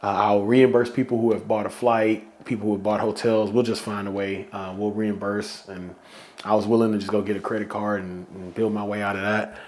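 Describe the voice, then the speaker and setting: A man's voice: on the low side, little pitch movement, brisk, darkish tone, slight background noise. A man hosting a solo podcast, talking casually and with feeling, at times close to getting emotional. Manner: heartfelt, emotional, conversational. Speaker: podcast host.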